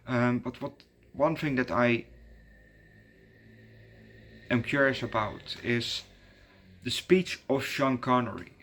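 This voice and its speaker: A man's voice: mid-range voice, takes it slowly, long pauses, a bit bright, slight background noise. A man giving a casual, rambling movie review, circling back with lots of fillers and restarts.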